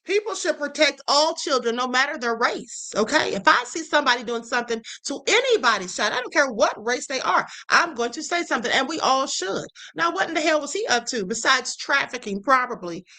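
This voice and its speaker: A woman's voice: high voice, sing-song, fairly quick, pushed and bright, poor audio. A woman hosting a livestream, commenting on viral clips with emphatic asides to her viewers. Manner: emphatic, keeps asking the audience to pay attention. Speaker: livestream host.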